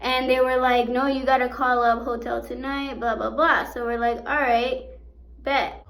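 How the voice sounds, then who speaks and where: A young woman with a high voice tells a story to camera, animated and chatty, packing her talk with fillers and slang. The room around her sounds echoey and hard. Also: normal speed. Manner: animated, fillers like "like" and "bro", swearing. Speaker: vlogger. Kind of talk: storytime vlog.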